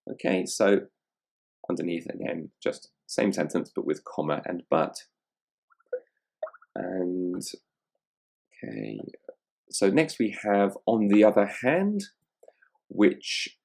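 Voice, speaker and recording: Deep gravelly male grammar tutor. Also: darkish tone. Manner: reads example sentences aloud, unhurried with frequent ums. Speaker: online English tutor. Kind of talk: explaining grammar over slides.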